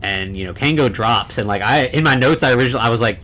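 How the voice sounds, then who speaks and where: A man's voice: mid-range voice, quick pace, a bit bright, slight background noise. A man co-hosting a horror podcast, recapping a film in casual chat, rambling with many fillers and restarts. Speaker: podcast co-host.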